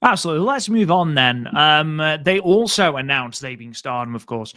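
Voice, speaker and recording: A man's voice: on the high side, expressive, moderate pace, pushed and bright, no room sound, clean studio sound. A man co-hosting a casual podcast, chatty and rambling, with many fillers and restarts. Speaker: podcast co-host.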